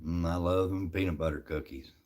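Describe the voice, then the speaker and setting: A man's voice: deep voice, fairly quick, darkish tone. A middle-aged man casually chatting on a live stream, answering viewers by name in a folksy, easygoing way. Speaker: livestream host reading chat.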